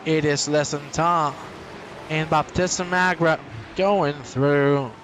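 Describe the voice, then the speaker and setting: Man, sim racing commentator, slightly high voice, energetic, joking banter, faint background hiss. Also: slow. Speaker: race commentator.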